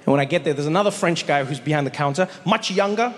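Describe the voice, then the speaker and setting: A man doing stand-up comedy with animated storytelling and frequent self-interruptions. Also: a little high, fast. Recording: live venue with long reverb.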